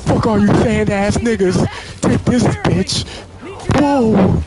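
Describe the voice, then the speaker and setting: A young man calls out a video game as he plays it. His voice sits high and swings wildly as he whoops and swears at the enemies, while loud game music plays behind him. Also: takes it slowly, rough recording. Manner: loud excited exclamations, profane trash talk at enemies. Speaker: gaming streamer. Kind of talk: live gameplay commentary.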